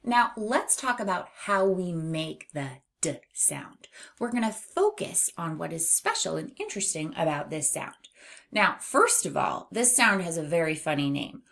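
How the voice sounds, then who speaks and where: A woman leads a children's phonics lesson at an unhurried pace. Her voice sits a little low, and she exaggerates each sound clearly. She drops in playful asides to keep young listeners engaged. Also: big pitch swings. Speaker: phonics teacher.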